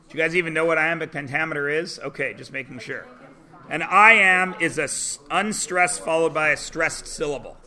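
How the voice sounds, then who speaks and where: A man in his forties, a high school English teacher, talking to his class in an animated, sarcastic, joking way. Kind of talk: classroom talk.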